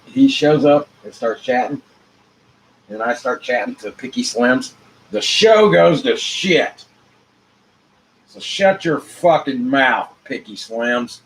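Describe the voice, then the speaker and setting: Alone at the mic, this male show host drifts from thought to thought with rhymes and puns, swinging between quiet muttering and loud outbursts. His voice sits in the mid range, there's slight background noise, and the sound is poor.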